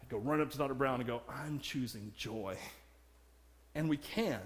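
A man's voice: mid-range voice, rapid-fire, in a large hall. A man preaching a sermon in a church, joking about himself and laughing often as he speaks. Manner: humorous, self-deprecating, laughs often. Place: church sanctuary.

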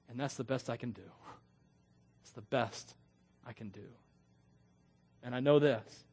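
A middle-aged man preaching a sermon in a conversational, animated way, with asides and laughter. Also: mid-range voice, husky.

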